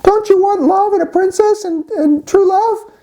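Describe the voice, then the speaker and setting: Man putting on a squeaky cursed frog princess. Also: moderate pace, warm tone. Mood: pleading. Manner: breathless high falsetto pleading. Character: frantic cursed princess turned into a small frog.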